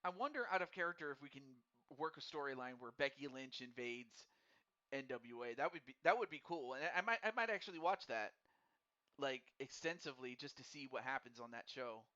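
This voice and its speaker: Man, stream host, casual commentary, stammering and repeating words, bright forceful voice, smooth and clear, dull lo-fi sound. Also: medium pitch, animated, fairly quick. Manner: chatty, stammers and repeats words while thinking aloud; friendly and addresses viewers directly. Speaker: stream host running a wrestling game. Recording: dull lo-fi recording.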